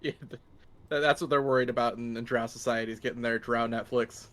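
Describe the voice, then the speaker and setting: A man's voice: mid-range voice, fairly even intonation, fast, a bit bright. A man player joking casually at a tabletop game, hesitating with frequent fillers.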